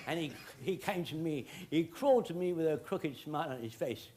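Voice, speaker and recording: A man telling a comic story on stage, shouting officers' orders and getting the audience to shout call-backs. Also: fairly high pitch, animated, fairly quick, hardly any pauses, slight background noise. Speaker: music hall comedian. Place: theatre stage before a live audience. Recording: music hall stage with audience.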